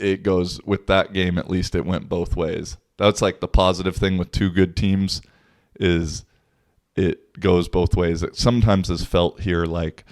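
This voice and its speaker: A man's voice: low voice, no room sound, clean studio sound. A man, hosting a casual podcast and telling a rambling story with swearing and laughs. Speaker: podcast host. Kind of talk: casual solo podcast talk.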